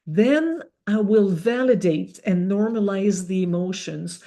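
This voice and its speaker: A woman giving an educational webinar talk, explaining step by step in a measured way. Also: medium pitch, warm tone. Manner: slow, measured explaining with rhetorical examples. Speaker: webinar speaker.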